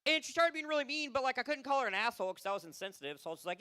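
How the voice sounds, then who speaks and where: Tired, profane open mic comedian, lively pitch. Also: male voice, very fast, hardly any pauses, clean tone, dry recording. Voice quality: profane, rambling, laughs at own jokes. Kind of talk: stand-up comedy set.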